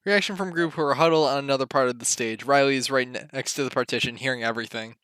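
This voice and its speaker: Brief: a man reading stage directions, bright and smooth, dry close sound. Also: medium pitch, quick pace, no room sound.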